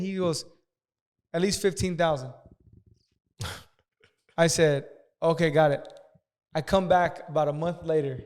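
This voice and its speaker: A man casually telling a profane story as a podcast guest, talking fast and acting out the people in it. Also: fairly high pitch, fairly even intonation, a little mellow, clean tone. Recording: long hall reverb.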